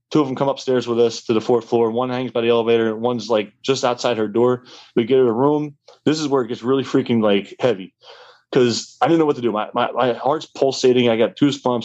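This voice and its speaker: A young man races through a story in a loose, rambling way, leaning on fillers and restarts. His pitch sits in the middle, and the recording sounds dull and muffled. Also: darkish tone. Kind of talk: casual storytelling.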